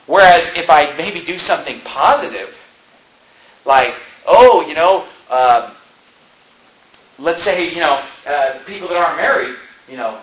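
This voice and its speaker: A man's voice: fairly high pitch, lively intonation, a little slow, pauses often, fairly bright tone, lo-fi sound. A man preaching a sermon as pastor, fervent and emphatic, hammering points home by repeating them. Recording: roomy echo.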